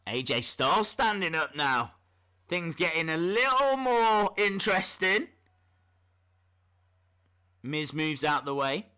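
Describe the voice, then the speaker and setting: A man hosting a live stream, giving chatty reaction commentary with bursts of excitement and muttering to himself between remarks. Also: a little high, slow pace, long pauses, smooth. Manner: mutters to himself while fiddling.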